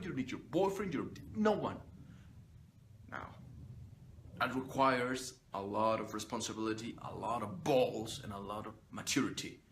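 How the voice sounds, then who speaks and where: A man's voice: medium pitch, fairly bright tone, a little hiss or hum. A man giving a blunt, profane motivational monologue to his own camera, swearing freely and pushing his viewers to stand on their own. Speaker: motivational vlogger. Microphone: phone or camera he is recording himself on.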